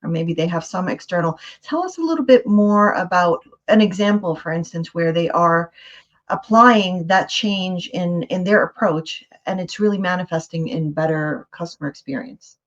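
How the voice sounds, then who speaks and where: A woman's voice: on the low side, normal speed. A woman hosting and moderating a panel, encouraging and enthusiastic as she reacts and asks questions. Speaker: host and moderator. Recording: dull lo-fi audio.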